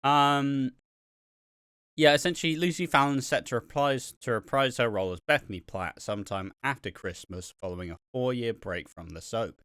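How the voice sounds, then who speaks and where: Smooth-voiced man rambling on a podcast. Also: medium pitch, moderate pace, fairly bright tone, no echo, studio quality. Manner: rambling, many "um"s and "like"s, casual swearing. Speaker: podcast host. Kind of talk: casual soap review chat.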